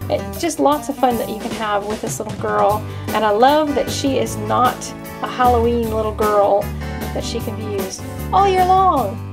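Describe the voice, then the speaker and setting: A woman's voice: fairly high pitch, animated, normal speed, over music. A woman hosting a casual card-making tutorial, explaining her steps in a chatty way.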